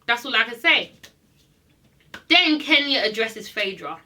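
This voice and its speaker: A woman's voice: a little high, animated, unhurried, pushed and bright. Sassy, swearing woman recapping reality TV. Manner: blunt, sassy, swears a lot, repeats for emphasis. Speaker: reality TV reviewer. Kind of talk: casual ranting recap.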